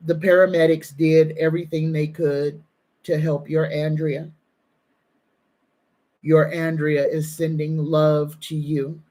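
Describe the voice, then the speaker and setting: A woman's voice: deep voice, warm tone. A woman psychic medium giving an earnest, soothing live-stream reading, at times moved to the edge of tears. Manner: slow, earnest, soothing, emotional. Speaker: psychic medium and tarot reader.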